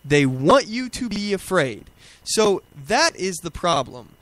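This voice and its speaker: Man, high voice, political radio host, emphatic ranting monologue, plainspoken. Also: sing-song, slow pace, a bit bright, no echo. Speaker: radio talk show host.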